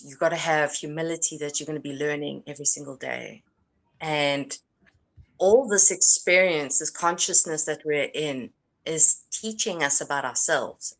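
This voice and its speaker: A woman co-hosting a casual livestream, speaking in a calm, reflective way and laughing often. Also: low voice.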